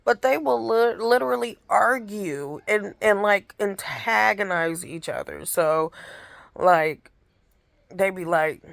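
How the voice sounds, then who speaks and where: A woman's voice: on the low side, vocal fry, no echo. A woman chatting casually into her phone camera at home, rambling through stories about the toddlers in her care, with lots of restarts. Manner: rambling storytelling with many restarts. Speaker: aunt caring for young children. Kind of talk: casual rambling vlog chat.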